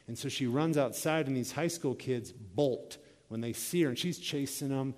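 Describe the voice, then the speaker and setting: A man's voice: mid-range voice, moderate pace, darkish tone, in a large hall. A man preaching a sermon as pastor, reading scripture and telling a personal story with quoted voices.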